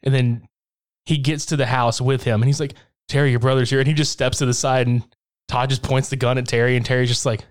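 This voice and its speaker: A man in casual chat, recapping a horror film with lots of swearing and laughter, acting out lines in quick impressions. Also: medium pitch, little pitch movement. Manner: profane, laughing, acts out scenes in quick impressions. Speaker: podcast co-host recapping a film.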